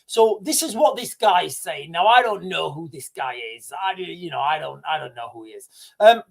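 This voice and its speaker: A man's voice: a little high, lively intonation, moderate pace, vocal fry. Rambling man hosting a livestream. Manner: rambling, repeats himself, addresses viewers as guys. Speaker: livestream host. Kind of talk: casual livestream commentary.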